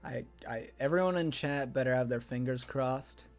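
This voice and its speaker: A man streaming a game live, chatting to his viewers, swearing often and breaking into sudden loud outbursts. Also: medium pitch, normal speed, soft background music. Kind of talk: live gameplay stream chat.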